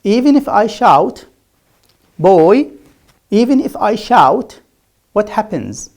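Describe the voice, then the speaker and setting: A woman whose first language is Arabic teaches English pronunciation in an online lecture. She drills the sounds slowly and repeats each one aloud. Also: medium pitch, sing-song, a little mellow. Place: remote class, speaking to a camera.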